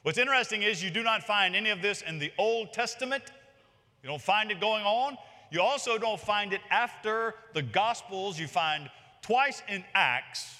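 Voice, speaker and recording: A pastor preaching in a large church with long echoing reverb, his voice forceful and bright and pitched a little high. He drives his points home emphatically and climbs higher whenever he stresses something. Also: expressive, moderate pace. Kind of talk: expository sermon.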